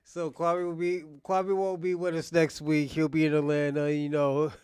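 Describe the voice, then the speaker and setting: A man's voice: a little high, completely flat delivery, moderate pace, a little mellow, clean tone, no echo, clean studio sound. A man co-hosting a live-stream show, teasing a caller with laughing banter. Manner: teasing, laughs between phrases.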